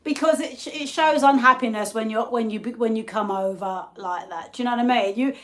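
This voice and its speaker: High-voiced English woman chatting while cooking. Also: brisk. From England. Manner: chatty, laughs often, greets viewers by name. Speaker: live-stream cooking host. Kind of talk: casual live-stream chat while cooking. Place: home kitchen. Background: pots and pans clattering faintly.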